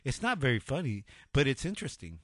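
Animated joking man co-hosting a show. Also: mid-range voice, fast, no echo, studio quality. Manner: animated, joking, swears freely. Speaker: co-host. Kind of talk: casual radio show banter.

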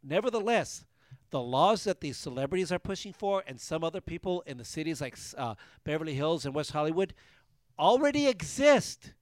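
A man hosts casual banter with an emphatic, opinionated push. His voice sits a bit high. The sound is dry and close. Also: animated, fairly quick, no room sound. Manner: emphatic, opinionated, repeats points. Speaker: host. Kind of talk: casual talk show banter. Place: garage.

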